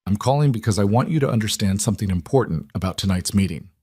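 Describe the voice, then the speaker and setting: A man voicing an older male crime boss who threatens calmly and with cold amusement. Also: fairly low pitch, breathy edge, dry recording. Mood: menacing. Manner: calm, measured threats.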